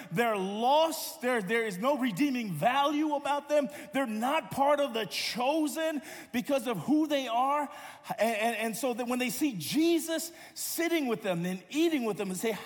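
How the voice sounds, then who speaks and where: A man preaching a sermon in a church, with dynamic delivery that swings from loud emphasis to hushed, low passages. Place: church sanctuary. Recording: long hall reverb.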